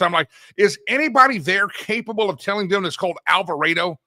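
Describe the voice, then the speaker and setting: A man's voice: high voice, expressive, brisk, few pauses, bright, forceful tone, dry recording. A middle-aged man from Texas, hosting a talk show and ranting through a sarcastic, opinionated monologue. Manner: sarcastic, ranting, laughs at his own jokes. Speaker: radio talk show host.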